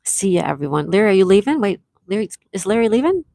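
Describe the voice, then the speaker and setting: A woman hosting a casual live-stream trivia game, greeting viewers by name, reading their chat replies aloud and repeating questions slowly. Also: medium pitch, very animated, gravelly, warm tone. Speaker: livestream trivia host.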